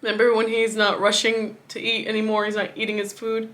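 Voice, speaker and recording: A woman vlogger telling a personal story in grief, swinging between hushed words and a raised voice. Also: on the high side, completely flat delivery, fairly quick.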